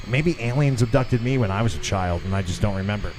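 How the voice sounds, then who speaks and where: A man in his thirties co-hosting a podcast in a studio, a lively storyteller who swears freely and acts out the voices in his stories. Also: on the low side, quick pace, a crowd in the background. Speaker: podcast co-host. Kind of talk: casual chat.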